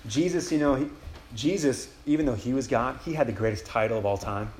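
A young campus ministry speaker gives a casual, enthusiastic retreat sermon, acting out inner prayers as he goes. His medium-pitched voice is brisk and darkish, with a little hiss or hum, recorded in an echoey room with faint ambience.

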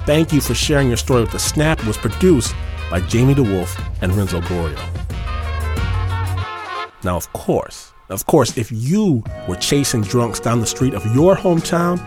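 A male radio host wrapping up a segment with lively, playful delivery. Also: mid-range voice. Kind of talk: radio show outro. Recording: music bed under the voice.

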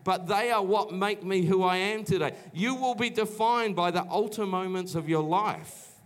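A middle-aged pastor from New Zealand preaches in a loose, conversational way, stopping and restarting as he acts out the voices in his own stories. His voice sits a little higher than most men's. He talks to a church audience. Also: normal speed. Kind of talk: sermon with personal testimony. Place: church auditorium.

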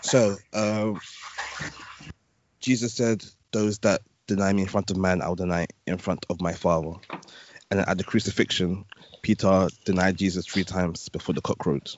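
A man's voice: deep voice, fairly even intonation, moderate pace, darkish tone, muffled recording, slight background noise. A man hosting a casual podcast, playful and joking, laughing often as he talks. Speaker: podcast host.

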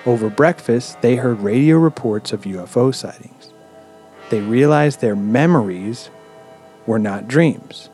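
A man hosting a podcast, telling a story in a relaxed, chatty way with lots of "um"s and casual swearing. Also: medium pitch, unhurried, soft background music. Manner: relaxed, swears freely, many "um"s. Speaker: podcast host.

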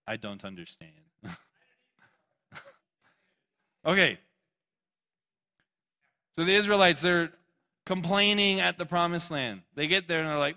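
A young male pastor giving an animated, joking sermon and calling on listeners by name. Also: fairly high pitch, a little slow, pauses often. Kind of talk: youth sermon.

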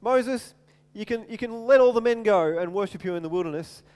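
A man playing a stubborn ancient king, dismissive, bargaining, high clear voice, long hall reverb. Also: brisk, darkish tone, close to an everyday voice. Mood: grudging.

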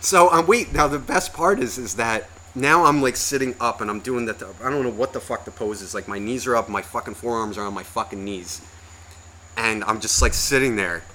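A man's voice: medium pitch, moderate pace, pushed and bright, slight background noise. A man co-hosting a podcast, telling a long story in a profane, exasperated, ranting way. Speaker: podcast co-host.

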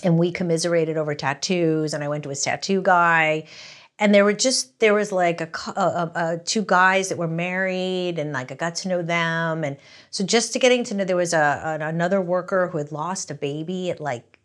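A middle-aged woman from the US East Coast, a memoir author telling candid stories in an interview, rambling and animated with many restarts. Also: lowish voice, moderate pace.

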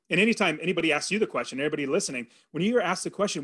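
A middle-aged man recounts a personal story as a podcast guest, earnest and animated. His voice sits a little high for a man. He voices his own past thoughts as he goes. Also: rapid-fire, hardly any pauses, slightly rough. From California. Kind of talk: storytelling in an interview.

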